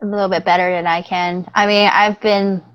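A woman's voice: mid-range voice, flat delivery, brisk, smooth, dry recording, low-quality recording. A young woman in a casual chat as a guest, talking in a rambling way and laughing often.

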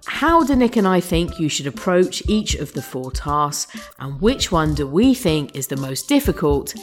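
Lady cohosting a podcast, low voice that swoops around a lot, chatty. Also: measured pace, faint music behind. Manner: chatty, laughs often, lively questioning. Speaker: podcast co-host. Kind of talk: casual chat.

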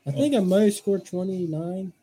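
Easygoing young man, slightly high voice. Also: moderate pace, warm tone, breathy edge, low-quality recording. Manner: easygoing, hesitant, chuckling. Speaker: friend co-commentating. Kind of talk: casual game-night chat.

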